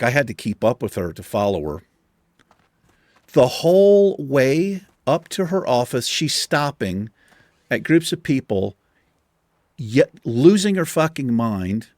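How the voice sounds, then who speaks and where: A man spins a long, exasperated story in a casual, profanity-laced way. His voice sits at an ordinary middle pitch. The sound is dry and close, with no room around it. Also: dry recording. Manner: profane, exasperated anecdote telling. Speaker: gaming channel host. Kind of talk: casual storytelling over gameplay.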